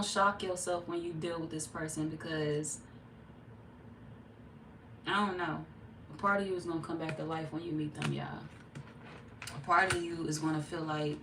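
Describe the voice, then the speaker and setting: Woman tarot reader, low voice, chatty and slangy, laughs a lot. Roomy, off-mic sound. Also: fairly even intonation, normal speed, long pauses, fairly bright tone, a little hiss or hum. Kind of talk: casual tarot reading to viewers. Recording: roomy echo, distant mic.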